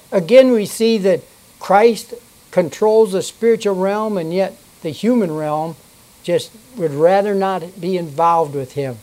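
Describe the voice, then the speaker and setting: A Bible teacher reading scripture aloud and then explaining it, unhurried, stopping to check notes and correct themself. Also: medium pitch, a little mellow, rough recording.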